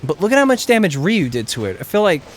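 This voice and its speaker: A man streaming a video game with casual commentary, excitable, swearing and begging his character to survive. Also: sits high, quick pace, a little hiss or hum. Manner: excitable, begs and yells at the game, swears freely.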